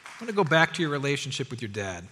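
A man hosting a faith interview, asking questions in a deliberate, emphatic way. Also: mid-range voice, very animated, big-room sound, a crowd in the background, noisy background. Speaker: talk show host.

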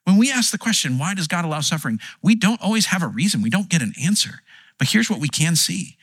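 A man delivers a sermon with a husky, slightly breathy voice that swoops widely up and down as he presses each point. His pitch sits a bit above the usual male range, and the sound is close and dry, with no room around it. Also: sing-song, quick pace, fairly bright tone, no echo. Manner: earnest, with frequent restarts and acted-out quotes. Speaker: pastor.

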